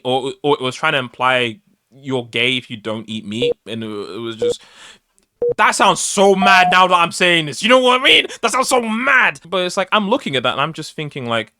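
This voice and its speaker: Exasperated male vlogger, a bit higher than usual, dry sound, voice worn out from ranting. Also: big pitch swings, normal speed, pushed and bright, no room sound. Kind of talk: ranting opinion vlog.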